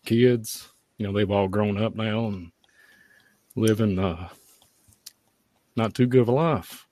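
A man, giving a halting, heartfelt personal testimony at a prayer meeting. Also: lowish voice, warm tone, no room sound. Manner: halting, heartfelt, many fillers. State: tearful at times.

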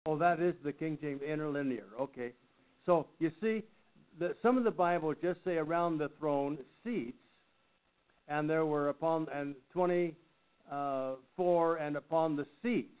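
An older man teaches a Bible study class in a halting way, pausing and clearing his throat often. His voice sits fairly high. The sound is thin and tinny, like a phone line.

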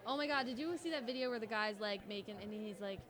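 A woman's voice: fairly high pitch, quick pace, fairly bright tone. A woman co-hosting a podcast, playful and giggly in casual chat. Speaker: podcast co-host.

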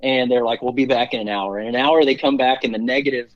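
A man's voice: mid-range voice, steady tone, fast talker. A middle-aged man, a company CEO, telling stories as an interview guest in an upbeat, rambling way with many fillers and restarts. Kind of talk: casual interview storytelling. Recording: dull lo-fi sound.

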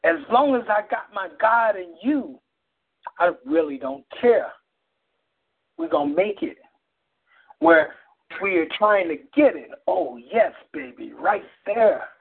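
A man co-hosting a radio show who chats casually, then performs a spoken-word poem with animated, repeated phrases. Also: high voice, takes it slowly, creaky, long pauses, husky. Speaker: radio co-host and poet. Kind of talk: casual chat and spoken-word poetry reading. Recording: tinny phone-like sound.

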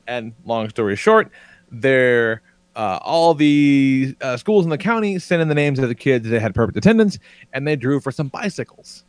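A man's voice: medium pitch, sing-song, normal speed, clean tone, no echo. A man co-hosting a podcast, telling a story with profanity and frequent laughter. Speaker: podcast co-host. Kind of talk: animated storytelling.

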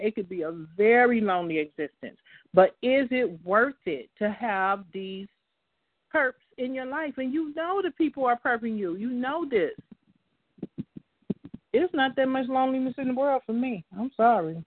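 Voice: medium pitch, no room sound. Blunt talk show host on a phone line. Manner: blunt, emphatic, preachy.

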